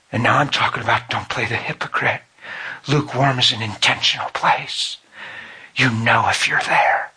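A man's voice: medium pitch, bright, forceful tone, slightly rough. A man preaching a sermon, telling a personal story with fervent, emotional storytelling.

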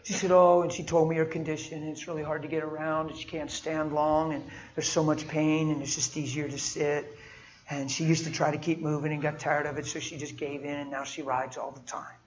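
A man preaching a sermon and telling personal stories, speaking emphatically and swinging from soft, quiet moments to loud, forceful passages. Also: on the high side, level tone, fairly quick, highs cut off.

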